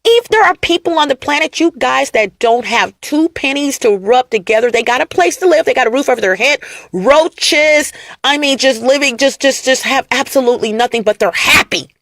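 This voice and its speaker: A fairly high-voiced woman rants casually to her viewers, mocking and animated. She laughs at her targets and hammers points home by repeating them. Her voice sounds close and dry, with no room around it. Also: moderate pace, dry recording. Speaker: vlogger. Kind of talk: casual ranting monologue to camera.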